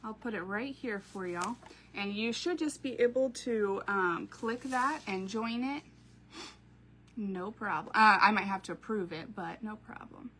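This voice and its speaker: A woman's voice: medium pitch, measured pace, fairly bright tone, slight background noise. A woman, hosting a craft live stream from home, chatting to viewers, telling stories and laughing often. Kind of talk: casual live-stream chat.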